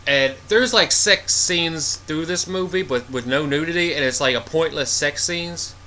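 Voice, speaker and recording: A man's voice: a little high, measured pace, pushed and bright, a little hiss or hum. A man giving a casual, rambling movie review, exasperated and full of filler words.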